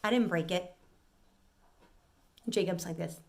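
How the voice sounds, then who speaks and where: A woman's voice: fairly low pitch, slow, creaky. A middle-aged woman from an Italian-American family, telling an exasperated story as a vlogger and acting out what people said. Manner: animated, exasperated, acts out quotes. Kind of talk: casual storytelling rant.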